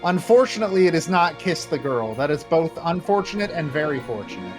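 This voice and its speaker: A man's voice: on the high side, sing-song, brisk, soft background music. A man streaming a game, giving casual, sarcastic commentary and swearing freely as he talks over the cutscenes. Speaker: let's-play streamer.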